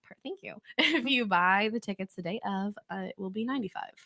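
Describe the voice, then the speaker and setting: A woman, a podcast co-host guesting on a radio show, bubbly and quick to laugh. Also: mid-range voice, gravelly, bright, forceful tone. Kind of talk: casual interview chat.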